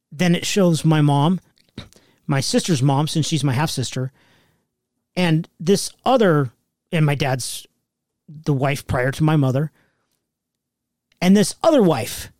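Animated swearing storyteller man. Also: on the high side, measured pace, pauses often, dry recording, clean studio sound. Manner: animated storyteller, swears a lot, loud outbursts. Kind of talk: casual chat.

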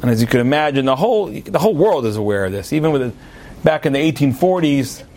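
A man preaching as a rabbi, telling a parable with jokey asides and sudden high emphatic swings. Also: animated, fast talker, darkish tone. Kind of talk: sermon with a told parable.

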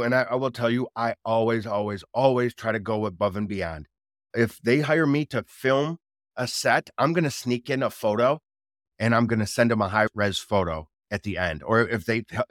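A man guest talking casually about his business in an interview, energetic and repeating words for emphasis. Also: mid-range voice, dry recording, clean studio sound. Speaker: guest, drone business owner.

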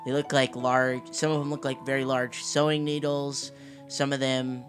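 A man narrates as the game master of a tabletop session. He talks in a relaxed, halting way at a middle pitch, often breaking into laughter. Soft background music plays underneath. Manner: chatty, laughing, halting with fillers.

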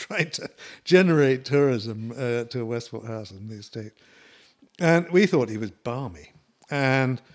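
A middle-aged man tells a long story about his own venture in a loose, rambling way. He is self-deprecating and fills his pauses with ums and false starts. His voice sits at an ordinary, mid-range pitch. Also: darkish tone. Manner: rambling, self-deprecating, many fillers and restarts. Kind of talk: casual spoken anecdote.

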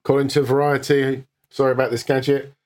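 A man's voice: mid-range voice, level tone, fast talker, a little mellow. A man on a podcast reading out film news items in a matter-of-fact way.

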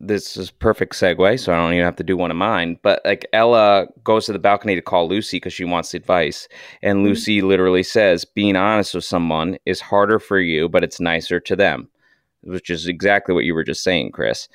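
A man with a very low, smooth voice co-hosts a casual podcast. He recaps scenes with enthusiasm and asks the guest questions. The sound is dry and close. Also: brisk, dry recording. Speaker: co-host.

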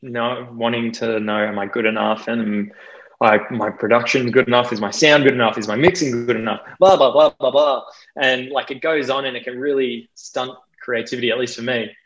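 Australian guy in his twenties, relaxed podcast guest, loose and filler-heavy, mid-range voice, a bit dull on the recording. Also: mid-range voice, fairly quick, a little hiss or hum. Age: young adult. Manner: chatty, self-deprecating, laughs often, many fillers. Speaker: guest DJ and producer. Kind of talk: casual interview chat.

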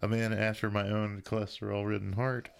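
A man's voice: lowish voice, level tone, fairly quick, vocal fry, smooth. A man recapping a movie in casual podcast chat, full of crude jokes and banter.

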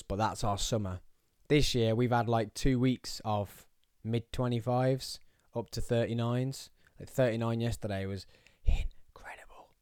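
A man's voice: medium pitch, darkish tone, smooth, no room sound. A man in his thirties with a Birmingham accent, hosting his own podcast in casual, rambling, jokey chat from a small studio. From England. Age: 30s. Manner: rambling, jokey, goes off on tangents. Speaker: podcast host.

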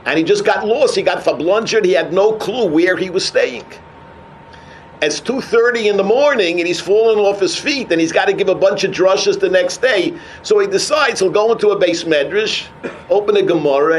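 A man with a giving a sermon as an animated storyteller who mixes in Hebrew and terms. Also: high-pitched, a little hiss or hum, rough recording. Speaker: rabbi.

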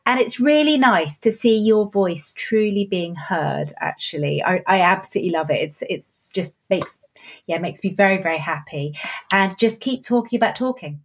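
A woman hosting a podcast interview, encouraging her guest and talking in quick bursts. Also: mid-range voice, breathy edge. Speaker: podcast host.

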